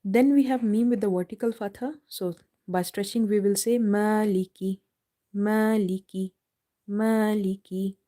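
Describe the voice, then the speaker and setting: A woman teaching Quran recitation in a live online lesson, patiently repeating each word slowly for her students. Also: mid-range voice, dark tone. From United Kingdom.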